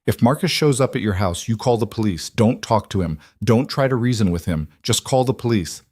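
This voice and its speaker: A man's voice: on the low side, animated, fairly quick, a little mellow, husky, no echo, studio quality. A man voicing a frightened young woman on the run. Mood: shaken.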